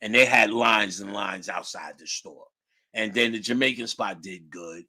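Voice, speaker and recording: A middle-aged man telling casual stories in a lively, profane, slangy way, laughing often. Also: on the low side, normal speed. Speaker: guest storyteller. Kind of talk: casual storytelling.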